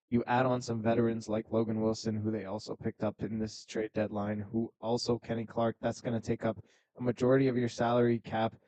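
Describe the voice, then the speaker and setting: A man co-hosting a sports podcast, calmly reasoning through a football trade in casual talk. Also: medium pitch, no echo, low-quality recording. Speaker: podcast co-host.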